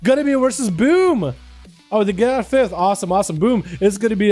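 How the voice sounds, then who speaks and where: A man's voice: high voice, expressive, a little mellow, faint music behind. A young man casually calling a match as a live game streamer. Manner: casual, chatty, fast play-by-play.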